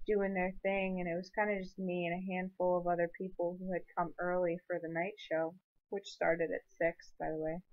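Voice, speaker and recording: A woman's voice: lowish voice, phone-quality sound. Earnest young woman telling a story. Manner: emotional, earnest, rambling. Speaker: vlogger. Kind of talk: personal storytelling vlog.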